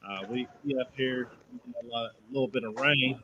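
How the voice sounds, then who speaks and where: A male talk show host with a mid-pitched voice takes callers and reads out audience comments. He sounds relaxed and throws in quick asides. A faint hiss runs behind him. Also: lo-fi sound. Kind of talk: live talk show hosting.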